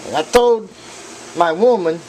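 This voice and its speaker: High-voiced joking man in echoey kitchen. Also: unhurried, a little mellow, a little hiss or hum. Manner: rambling and jokey, with many fillers and asides. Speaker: cooking show host. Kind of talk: casual comedic cooking demo. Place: home kitchen. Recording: echoey kitchen, far from mic, clattering pans. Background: clinking dishes, pots and cutlery.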